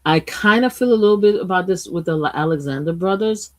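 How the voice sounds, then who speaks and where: A woman from Brooklyn hosting a casual political livestream, blunt and profane, swinging between loud outbursts and quiet asides. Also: lowish voice, fairly quick. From Brooklyn, USA. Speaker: livestream host. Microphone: streaming mic.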